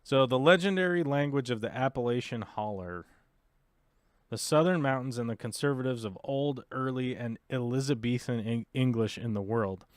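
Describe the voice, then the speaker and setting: A man's voice: medium pitch, normal speed, no echo. American guy rambling thru a livestream, reading chat, dry close sound. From United States. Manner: rambling, chatty, lots of fillers. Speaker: livestream host.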